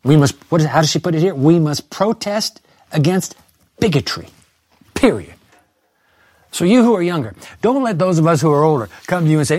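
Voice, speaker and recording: A man preaching a sermon, reading quotations aloud and urging his listeners with animated emphasis. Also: a little high, moderate pace, dry recording. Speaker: pastor.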